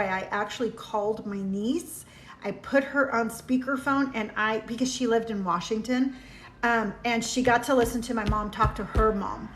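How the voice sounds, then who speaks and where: Middle-aged woman host, fairly high voice, sincere and rambling, phone mic in an echoey room. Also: slight background noise. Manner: heartfelt, meandering storytelling while reading out viewer comments. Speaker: livestream host. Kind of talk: casual livestream chat.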